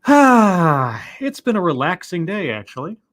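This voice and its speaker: A man hosts a casual live stream from home, rattling off viewer names and chatting between them. His voice sits a little high and swings widely up and down, playful and rambling. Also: sing-song, a little slow, a bit bright. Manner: playful, greets chat members one by one with sudden pitch jumps. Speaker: live-stream host reacting to talks. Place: home room.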